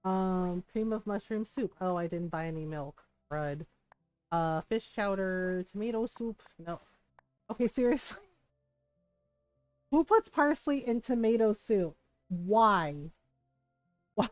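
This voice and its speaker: A woman's voice: medium pitch, animated, slow, long pauses, a little mellow, no echo, soft background music. A young woman streaming a game from home, chatting casually in a rambling way and laughing often. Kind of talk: casual gameplay chat.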